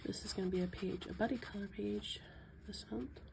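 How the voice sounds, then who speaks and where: A woman's voice: medium pitch, fairly even intonation, brisk, vocal fry, background noise. A woman chatting casually to her channel viewers from home, her voice stuffy from a sinus infection, chuckling and stumbling over words now and then. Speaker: coloring book YouTuber. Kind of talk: casual vlog chat.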